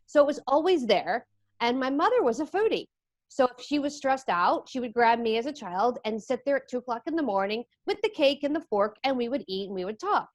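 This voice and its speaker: A woman guest in an interview, telling her story in a lively, animated way. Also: high voice, fairly quick, dry recording. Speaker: interview guest, addiction coach.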